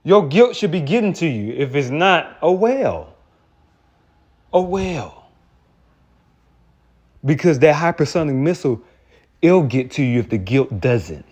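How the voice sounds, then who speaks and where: A man's voice: fairly high pitch, lively intonation, normal speed, a little mellow. A man preaching in a heated, profane rant, often repeating and restarting words. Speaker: street preacher. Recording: dull lo-fi recording.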